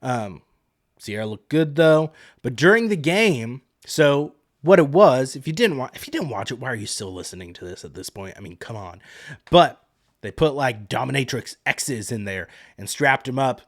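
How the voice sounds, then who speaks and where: A man's voice: mid-range voice, sing-song, normal speed, dry recording, studio quality. A young man hosting a podcast, recapping a reality show in a casual, sarcastic way and mimicking the people he quotes. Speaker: podcast host.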